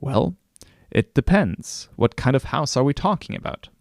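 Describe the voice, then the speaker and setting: A man's voice: medium pitch, very animated, a little fast, no room sound, close to an everyday voice. A man voicing a coy male real estate worker answering with teasing counter-questions, in a close, dry recording.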